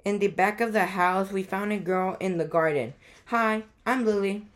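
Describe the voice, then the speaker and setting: A woman reading a children's picture book aloud, with clear storybook narration. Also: mid-range voice, fairly even intonation, normal speed. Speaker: guest reader.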